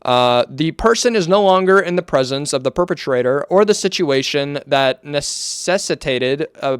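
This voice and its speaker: A man giving casual commentary, reading aloud from his notes in a measured way, with offhand asides and some swearing. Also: on the high side, a bit bright, smooth, no room sound, studio quality. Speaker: online commentator.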